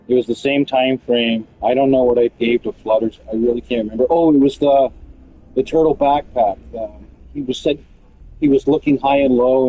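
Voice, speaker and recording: A man's voice: medium pitch, dark tone, dull audio, slight background noise. A man telling a long, meandering story about other players in casual chat, swearing freely. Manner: loose, meandering, peppered with swearing and fillers.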